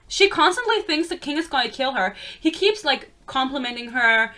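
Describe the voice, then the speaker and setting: Young woman, casual book rant, crisp bright tone pitched a little high, blunt and swearing freely. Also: lively intonation, moderate pace, few pauses. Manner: blunt, profane, exasperated. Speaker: book reviewer.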